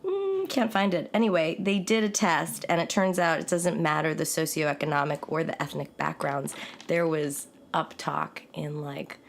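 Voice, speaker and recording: A woman with a strikingly deep voice chatting on a podcast. She is playful and teasing, tossing in jokes and gently steering the conversation, with a faint hiss of noise behind her. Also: vocal fry. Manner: playful and teasing, quick with a joke. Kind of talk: casual chat. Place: indoors in Yonkers, New York.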